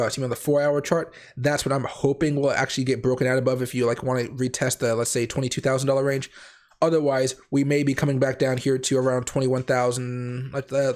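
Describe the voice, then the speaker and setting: Male livestream host, hoarse with a cold, rapid and rambling, self-correcting. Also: medium pitch, darkish tone. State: raspy voice from a cold. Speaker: crypto trading livestream host. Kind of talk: casual livestream chat.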